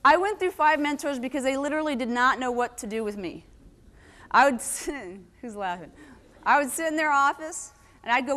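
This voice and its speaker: A woman giving a lively motivational talk to a live audience, telling stories and asking the crowd questions. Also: high voice, a little fast. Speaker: keynote speaker. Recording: long hall reverb.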